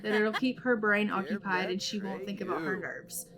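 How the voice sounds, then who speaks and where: A woman's voice: mid-range voice, moderate pace, music in the background. A young woman hosting a video game let's play, narrating the story in a chatty way. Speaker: gaming video host.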